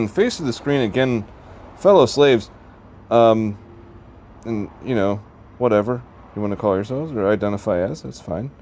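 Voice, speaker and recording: A man's voice: on the low side, expressive, normal speed, darkish tone. A man with a Midwest American accent talking casually to his viewers, rambling from one joking aside to the next. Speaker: video host. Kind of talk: casual vlog commentary.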